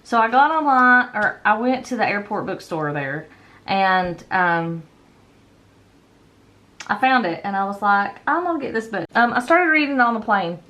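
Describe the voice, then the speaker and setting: On lo-fi audio, a woman in her thirties speaks in a mid-range, expressive voice that's a little slow and sharp in tone. She's a planner vlogger decorating a planner, rambling casually with plenty of ums and self-corrections, yawning and a bit tired.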